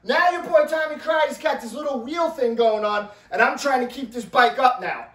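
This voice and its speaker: Animated man telling a story, roomy and distant. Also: very high-pitched, moderate pace. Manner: animated, loud bursts, keeps asking "right?". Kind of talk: casual storytelling.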